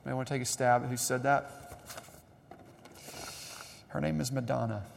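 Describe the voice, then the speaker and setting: A young adult man preaching a sermon in a conversational, animated way, building up emphasis. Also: mid-range voice, normal speed, creaky, a little hiss or hum. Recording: long reverb of a large hall.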